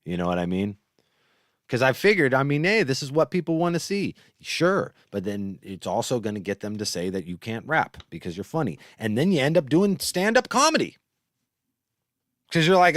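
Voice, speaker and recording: A man's voice: medium pitch, normal speed, no room sound, clean studio sound. A man hosting a show, telling stories in a casual, profane, rambling monologue. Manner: profane, animated storytelling. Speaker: host.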